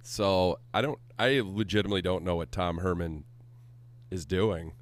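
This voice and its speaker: A man's voice: deep voice, steady tone, moderate pace. A man co-hosting a casual sports podcast, blunt and sarcastic, swearing freely. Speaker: podcast co-host.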